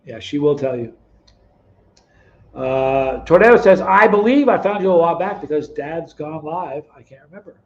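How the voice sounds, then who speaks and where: A middle-aged man with a fairly high voice hosts a casual live stream. He chats and teases his viewers by name. The sound is dull and a little lo-fi. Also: expressive, moderate pace. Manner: chatty, teasing viewers by name, storytelling. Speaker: live stream host reading chat. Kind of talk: casual chat.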